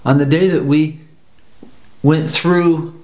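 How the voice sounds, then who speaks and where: A man's voice: a little high, fairly even intonation, takes it slowly, a little mellow. Earnest American man in a roomy space. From United States. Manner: earnest, repeats phrases for emphasis. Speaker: personal growth teacher. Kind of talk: spoken storytelling talk. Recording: roomy echo.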